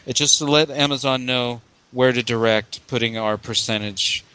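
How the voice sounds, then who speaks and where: A man's voice: medium pitch, fairly even intonation, normal speed, sharp tone, clean tone, poor audio. A man from California co-hosting a casual sports podcast, joking and playful. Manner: jokey, playful. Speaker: podcast co-host.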